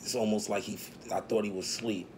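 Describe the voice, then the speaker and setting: A man's voice: lowish voice, steady tone, a little fast, a little mellow. A man casually telling a story in slang, acting out what people said, with faint background noise. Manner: slangy, acts out quoted dialogue.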